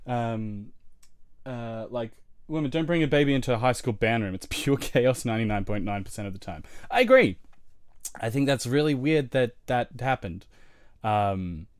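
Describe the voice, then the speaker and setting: A man's voice: mid-range voice, normal speed, clear, resonant tone, dry recording, studio quality. A young Australian man chatting casually on a livestream while editing video, rambling with many fillers and frequent laughs.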